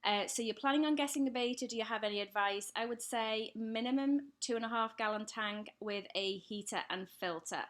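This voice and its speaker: A fairly high, bright-toned female voice speaks quickly with few pauses. She's an English pet channel host from England, live streaming from home in daylight and chatting as she reads viewer comments aloud and responds.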